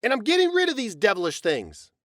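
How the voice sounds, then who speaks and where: A man's voice: mid-range voice, big pitch swings, moderate pace, fairly bright tone, no echo, studio quality, voice pushed up. A man voicing a stubborn, defiant seventeen-year-old farm boy in a storybook reading. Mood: shouting. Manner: defiant, earnest arguing.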